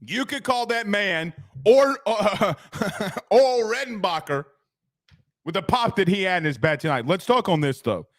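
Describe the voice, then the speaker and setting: A man hosting a casual sports talk show, rambling and excitable, laughing at his own jokes. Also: sits high, measured pace, dry recording, studio quality.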